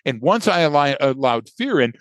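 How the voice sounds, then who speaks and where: A man's voice: mid-range voice, sing-song, normal speed, fairly bright tone, no echo. Guy on a podcast telling a story, acts out his own thoughts, dry close sound. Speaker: podcast co-host. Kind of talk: casual conversational storytelling.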